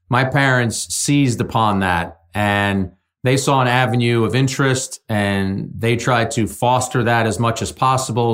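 Measured, earnest man, mid-pitched voice. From Jersey City, New Jersey. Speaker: sports journalist guest. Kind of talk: casual conversation.

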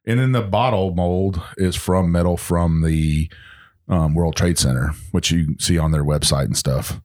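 A man's voice: sits low, unhurried, darkish tone. A man with a Southern American accent, co-hosting a podcast in laid-back casual chat. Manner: laid-back, explains stories. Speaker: podcast co-host.

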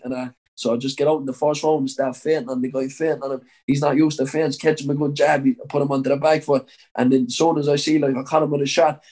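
A man's voice: on the high side, a little mellow, low-quality recording. A young Irish man, a professional boxer, telling a long story in an interview, rambling with lots of "like" and frequent swearing.

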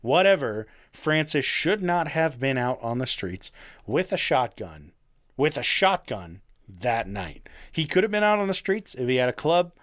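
A man's voice: medium pitch, sing-song, unhurried, fairly bright tone. Laid-back man telling a story. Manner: swears and laughs often, many fillers and restarts. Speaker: podcast co-host telling a true crime story. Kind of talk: casual chat.

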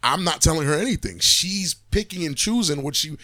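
A man's voice: fairly high pitch, a little fast, no echo. Blunt, profane man in casual chat. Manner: blunt, profane, animated storytelling. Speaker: podcast co-host.

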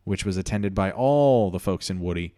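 A man's voice: low-pitched, animated, moderate pace, warm tone, no room sound, clean studio sound. A man hosting a comedy podcast, telling a story in an easygoing, chatty way. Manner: easygoing, chatty, laughs often. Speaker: podcast host.

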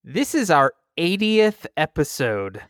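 Deadpan man cohosting a podcast. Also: on the high side, takes it slowly, dry recording. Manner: dry, deadpan reactions. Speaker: podcast co-host. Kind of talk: casual chat.

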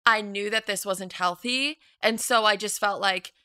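A woman's voice: mid-range voice, normal speed, bright, forceful tone, clear, resonant tone, no echo, studio quality. A young woman telling a personal story as a guest in a casual chat. She laughs often and acts out what people said.

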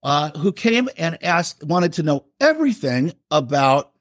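Man imitating a confused little old lady, high fluttery voice, dry close sound. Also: very animated, measured pace, dry recording. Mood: doting. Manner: fluttery, mistaking him for his brother.

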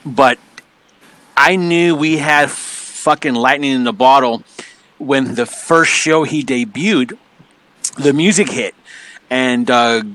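A man's voice: medium pitch, slow, pauses often. A man, a wrestling promoter, telling stories casually on a podcast, swearing and acting out what people said. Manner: animated storyteller, swears, acts out quotes.

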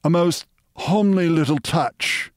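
Man doing a suave quiet gang boss. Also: a little high, a little slow, no echo, clean studio sound, pitched above the performer's own voice, lightly acted. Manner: quiet, courtly phrasing.

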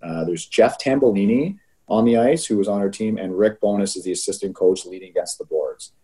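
A man, a former hockey player co-hosting a casual chat, telling animated stories and acting out quotes. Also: on the low side, a little fast, poor audio. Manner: animated storyteller, laughs often, acts out quotes.

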